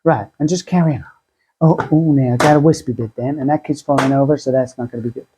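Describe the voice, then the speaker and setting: A man hosting a craft tutorial, chatty and self-deprecating, speaking in a husky put-on voice that sounds like a sore throat. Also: mid-range voice, fast, dark tone, slight background noise. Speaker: craft channel host.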